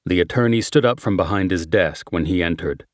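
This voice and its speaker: A man reads a crime thriller audiobook in a measured, steady manner. His voice sits low. The recording is close and dry, with no room sound. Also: dry recording. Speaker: audiobook narrator. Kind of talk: scripted narration.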